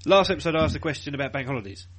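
A young English man with a bright, lively voice and a slightly husky edge, hosting a casual podcast. He swears freely and jokes at his own expense. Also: a little high, rapid-fire. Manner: sweary, joking, self-mocking. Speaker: podcast host. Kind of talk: casual banter with co-hosts.

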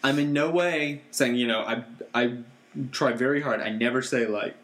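A man's voice: mid-range voice, normal speed, a bit bright. Earnest man, plain mid voice. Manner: earnest, repeats words as he builds a point. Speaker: co-host. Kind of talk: casual chat.

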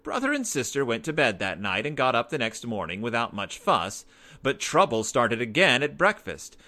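A man narrating a children's storybook aloud in an expressive, animated way. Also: medium pitch, normal speed.

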